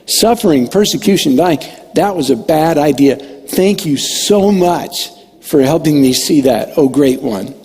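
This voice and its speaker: A man's voice: a little high, lively intonation, a little slow, a little mellow, husky, long reverb tail, exaggerated voice. A man doing a sarcastic, mock-apologetic teacher.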